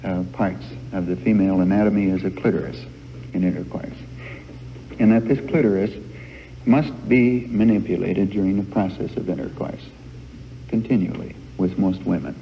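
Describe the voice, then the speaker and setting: A man giving a frank family life lecture to a live group, folksy and halting, recorded on worn old reel-to-reel tape in a hall. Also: low-pitched, vocal fry, dull audio, a little hiss or hum. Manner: folksy, halting with many uh fillers.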